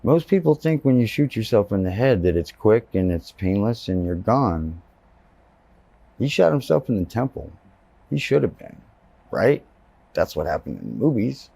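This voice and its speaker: A man's voice: low-pitched, creaky, warm tone, dry recording. A man from Texas giving personal testimony in an interview, telling his story candidly and plainly.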